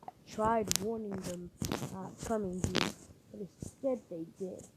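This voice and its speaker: A woman voicing a grim male king who flatly explains why he attacked villagers. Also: medium pitch, unhurried, very noisy, lightly acted. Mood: matter-of-fact. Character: grim male king defending his tower.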